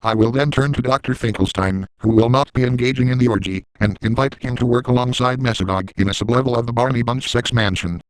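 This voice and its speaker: A man's voice: mid-range voice, fast, few pauses, clean tone, no room sound, natural voice, low-quality recording. A man voicing a gleeful, scheming, villainous middle-aged man in a boastful first-person comic monologue.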